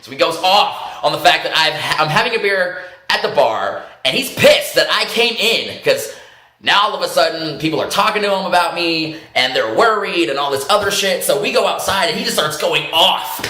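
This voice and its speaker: A man casually telling stories to camera, animated and profane, laughing often and acting out what others said. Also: fairly high pitch, moderate pace, roomy sound. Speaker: vlog host. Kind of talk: casual storytelling monologue.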